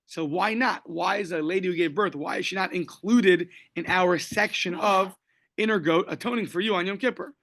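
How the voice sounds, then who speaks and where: This Talmud teacher has a high-pitched, slightly bright voice and talks at a normal speed. In his daily class he explains the text one step at a time, quoting Aramaic and Hebrew and tossing in casual jokes.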